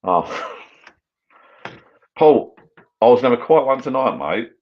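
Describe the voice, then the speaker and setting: A man's voice: mid-range voice, very animated, measured pace, lo-fi sound. A British man hosting a casual live stream, chatting loosely and reading viewer comments aloud as he drinks. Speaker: channel host.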